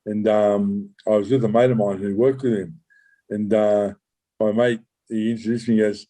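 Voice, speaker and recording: A lowish, mellow-toned man tells his own story as a former undercover officer. He talks in halting bursts, restarting sentences and swearing casually as he goes. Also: little pitch movement, rough recording. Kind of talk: recounting a true story in an interview.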